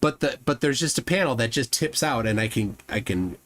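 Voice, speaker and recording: A man hosting a casual reaction show, sarcastic and quick to laugh loudly at what he watches. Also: mid-range voice, expressive. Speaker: host reacting to videos. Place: home room with a fan running.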